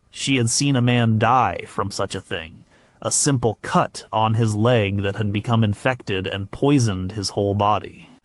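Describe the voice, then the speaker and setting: A man narrating a scripted history documentary in a measured way, with occasional stumbles and fillers. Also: mid-range voice, no room sound.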